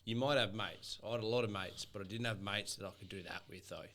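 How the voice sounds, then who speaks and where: A man's voice: lowish voice, quick pace, sharp tone, slight background noise. A man on a casual podcast, speaking earnestly and encouragingly, with some swearing. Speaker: podcast co-host.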